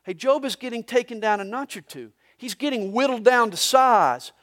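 Animated Southern preacher, high-pitched man. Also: normal speed. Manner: animated preaching, voices for God and Job, rising and dropping to a hush. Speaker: pastor. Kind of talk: live sermon. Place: church service.

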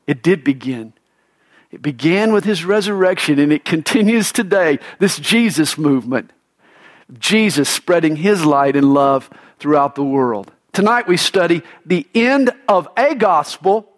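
A pastor with a notably high voice preaches a sermon. He is emphatic and dramatic, rising to loud declarations and then dropping to a hush. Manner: dramatic, emphatic preaching with wide swings in pitch and loudness.

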